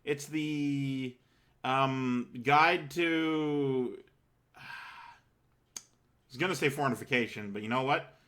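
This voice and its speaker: A man's voice: medium pitch, a bit bright. A man hosting a game playthrough, reading text aloud with rambling, self-deprecating asides, a bit out of breath. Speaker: let's play host. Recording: game music playing behind.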